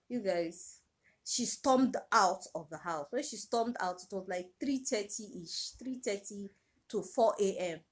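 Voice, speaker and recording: Her pitch is medium and her pace slow as a young Nigerian woman, speaking with a Nigerian accent, relates a personal story in her vlog. She sounds emotional and urgent, circling back to the same phrases again and again.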